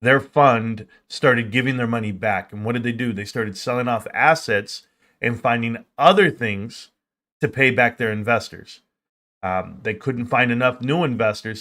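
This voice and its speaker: A man hosting a market livestream, talking casually and joking, sometimes acting out other people in a raised voice. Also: mid-range voice. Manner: animated, acts out quoted people in a raised voice; joking, conversational with fillers. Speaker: stock market livestream host.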